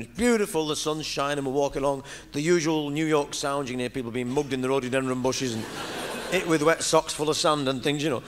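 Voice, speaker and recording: A middle-aged man with a Lancashire accent telling a rambling stand-up story on stage, peppered with "you know". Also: fairly high pitch. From Lancashire, England. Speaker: stand-up comedian. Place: stage in front of a live audience. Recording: live stage recording with noise.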